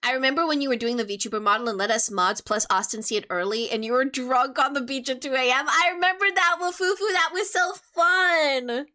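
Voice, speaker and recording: A woman's voice: fairly high pitch, fast, hardly any pauses, bright, forceful tone. A woman streamer with a childlike, youthful-sounding voice, chatting casually and playfully as she reads and answers her chat. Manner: playful and chatty, with teasing asides.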